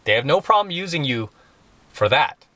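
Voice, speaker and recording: A man's voice: a little high, sing-song, moderate pace, bright, forceful tone, no room sound. A middle-aged man giving a blunt, emphatic monologue as a dating coach, repeating his points for stress. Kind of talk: opinionated monologue to viewers.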